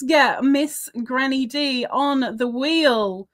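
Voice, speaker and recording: A woman hosting a casual livestream, reading comments aloud and chatting in between. Her voice sits on the higher side and her talk is slow and unhurried. She laughs often as she goes. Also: lively intonation. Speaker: livestream host.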